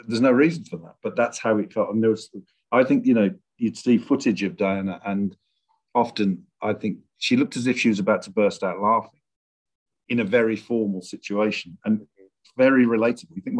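He's a middle-aged screenwriter in a conversational interview, thoughtful and measured as he gropes for words. The voice is lowish and husky.

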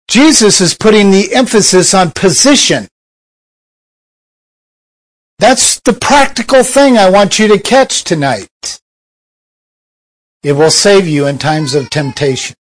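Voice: mid-range voice, poor audio. A preacher giving a sermon in a conversational way, asking many rhetorical questions.

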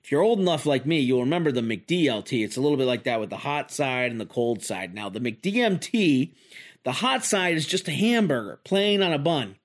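A man's voice: medium pitch, sing-song, fairly quick. A man in his forties hosting a podcast, giving a rambling, self-deprecating comedic monologue. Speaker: podcast host.

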